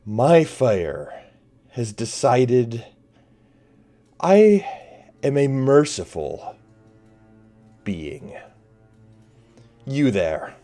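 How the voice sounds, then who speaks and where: Man doing a booming cult leader in a tabletop game, loud and grand, faint music behind. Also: big pitch swings, exaggerated voice. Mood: ominous. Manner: grand, slow proclamations. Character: menacing male fire cult leader.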